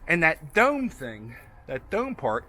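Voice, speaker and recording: A man with a slightly high voice speaks slowly, his pitch swinging hugely and his tone pushed and bright. Walking a snowy abandoned waterfront, this urban-exploration vlogger rambles to his dog on a handheld camera, with outdoor noise in the background.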